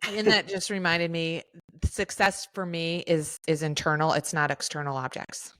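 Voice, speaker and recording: A woman talking casually and reflectively in a conversation, calm and agreeable. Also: low-pitched, moderate pace, no echo. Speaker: conversation partner.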